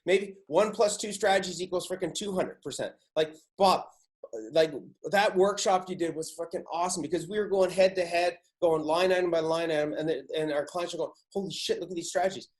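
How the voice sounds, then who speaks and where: A man's voice: high-pitched, fairly even intonation, fairly quick. A man hosting a podcast, talking casually in an emphatic, profane way that hammers his points home. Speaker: podcast host.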